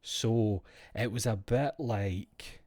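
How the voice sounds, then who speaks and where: A man's voice: on the low side, drawn-out words, a little mellow, no echo. A man streaming, chatting casually in a rambling, profane, jokey way.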